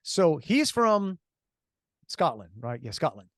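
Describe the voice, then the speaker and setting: A middle-aged man co-hosts a casual podcast, his voice sitting high for a man. He rambles through stories, restarting sentences and laughing along the way. The sound is dry and close. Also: big pitch swings, slow pace, a bit bright, no room sound. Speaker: podcast co-host. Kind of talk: casual chat.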